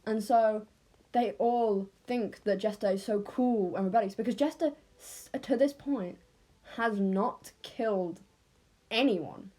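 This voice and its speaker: A woman with an English accent talks through a story she has made up, without a script. She rambles and often stops to correct herself. Her pitch and pace stay at an everyday, middle level. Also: measured pace, dark tone. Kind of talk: unscripted casual storytelling.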